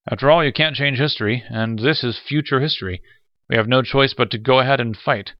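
A man's voice: mid-range voice, fairly quick, no echo, dull audio, voice pushed up, lightly acted. A man doing an impatient, demanding commander. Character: plump, impatient military commander.

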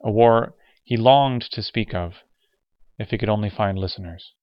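A male narrator with a low voice reads the story in steady, measured scripted narration. The recording is dull with a narrow band and dry with no room sound. Every line comes out even and deliberate. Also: dry recording. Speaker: audiobook narrator.

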